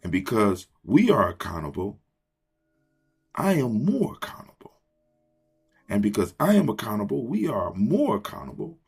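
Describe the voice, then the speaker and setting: A man's voice: on the low side, huge pitch swings, normal speed, vocal fry, long pauses, slightly rough, faint music behind. A man hosting a motivational morning talk, leading his listeners in call-and-response and repeating phrases like a preacher. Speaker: host.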